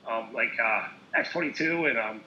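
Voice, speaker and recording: A man co-hosting a casual political talk show, animated and laughing often. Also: medium pitch, normal speed. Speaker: co-host. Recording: echoey lo-fi call audio.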